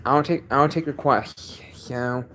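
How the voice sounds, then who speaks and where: A man's voice: mid-range voice, fairly even intonation, sharp tone, a little hiss or hum. A man chatting casually on his own livestream from a basement, sounding congested and often repeating himself as he talks. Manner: halting, repeats each sentence. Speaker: livestream host.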